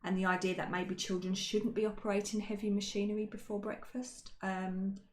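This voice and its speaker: A woman's voice: medium pitch, little pitch movement, fairly quick, darkish tone. A woman talks through history on a casual podcast, joking and filling gaps with ums. Her voice sits in a middle register. The room around her is roomy and echoes. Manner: chatty, jokey, many ums and self-corrections. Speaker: podcast co-host. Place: indoor room, shared with co-host. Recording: roomy echo.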